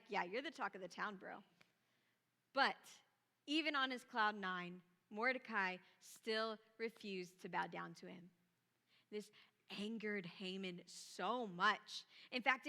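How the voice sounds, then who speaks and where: A woman preacher delivering a sermon in a church, retelling scripture with lively, casual asides. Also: on the high side, long reverb tail. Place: church auditorium.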